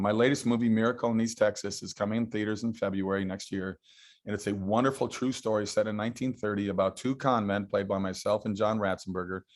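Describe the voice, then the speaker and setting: Low-voiced man telling stories. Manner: enthusiastic storytelling. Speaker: guest actor. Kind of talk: casual interview chat.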